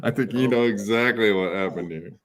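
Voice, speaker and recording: A man's voice: lowish voice, brisk, over a noisy crowd. A man hosting a podcast in casual chat, joking and teasing his co-hosts. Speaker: podcast host.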